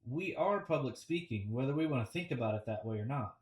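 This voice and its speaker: A man gives a relaxed, reflective coaching talk about public speaking on a video call, often pausing with ums and restarting his sentences. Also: medium pitch. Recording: roomy and distant from the mic.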